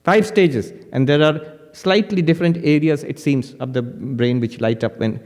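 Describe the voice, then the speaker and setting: A male monk gives a spiritual lecture in a lively, gently humorous way, often restarting words as he goes. His voice sits fairly high for a man. A long hall reverb trails behind him. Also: normal speed. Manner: animated, gently humorous, with frequent self-corrections. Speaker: monk and Vedanta teacher.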